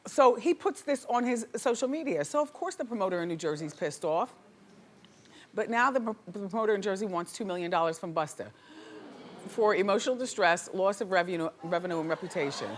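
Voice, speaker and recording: A woman hosting a gossip talk show, chatty and playful with loud exclamations, in a studio with a live audience. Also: medium pitch, animated, a little fast. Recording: noisy studio with crowd. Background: audience laughter and cheers.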